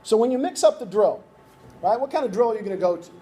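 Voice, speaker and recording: A youth baseball coaching instructor gives a workshop talk in a high, animated voice that moves quickly and carries a dark tone. He keeps it conversational and constantly checks in with "right?"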